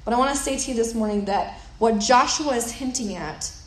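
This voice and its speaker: A woman's voice: fairly high pitch, brisk. A woman preaching a sermon in a conversational way, often repeating words as she thinks aloud. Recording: roomy echo with faint noise.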